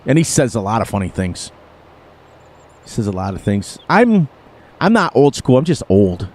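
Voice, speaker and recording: A man's voice: lowish voice, sing-song, moderate pace, darkish tone. Rambling middle-aged man streaming a game. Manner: rambling and chatty, with frequent chuckles and restarts. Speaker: gaming streamer. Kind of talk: casual live-stream chat while playing a farming game.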